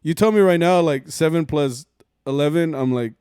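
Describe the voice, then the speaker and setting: A man's voice: on the high side, normal speed, mellow, smooth, no room sound. Rambling slangy young man, dry room. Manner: rambling, slangy, self-mocking. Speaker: podcast co-host. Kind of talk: casual chat.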